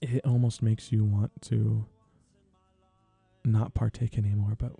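A man giving a casual, earnest spoken film review, sharing personal feelings with soft laughs. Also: on the low side, little pitch movement, measured pace, vocal fry, husky, faint music behind.

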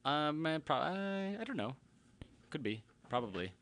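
A man's voice: on the high side, very animated, unhurried, a bit bright, no echo. A man co-hosting a radio show, rambling and joking in casual studio banter.

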